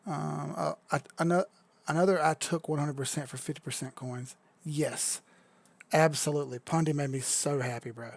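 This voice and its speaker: A young adult man hosts a casual crypto livestream, chatty and excitable, swearing freely while walking viewers through charts. His voice is a little high and creaky, at a moderate pace, with no room sound.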